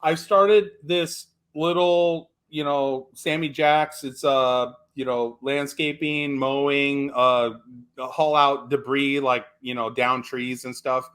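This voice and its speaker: A man's voice: medium pitch, steady tone, slow, a bit bright, smooth. A man calling in to a talk show, ranting emphatically with stumbling restarts and blunt profanity. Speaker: caller. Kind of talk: call-in radio chat.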